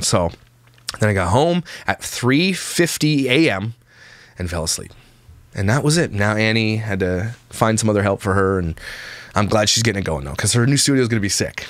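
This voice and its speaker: A man's voice: medium pitch, animated, a little fast, fairly bright tone, no room sound, studio quality. A young man telling a story to his channel in a casual, exasperated rant, with frequent restarts and voices for the people he quotes.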